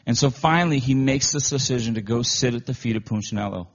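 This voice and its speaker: A man's voice: mid-range voice, fast. A man preaching a sermon in a conversational, storytelling way, often emotional. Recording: dull lo-fi recording.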